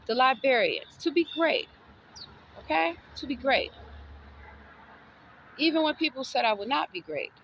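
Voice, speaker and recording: A woman's voice: sits high, expressive, moderate pace, pauses often, a bit bright, muffled recording, slight background noise. A woman from the States, giving a sassy, defiant, preachy motivational monologue. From Southern United States. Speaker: vlogger.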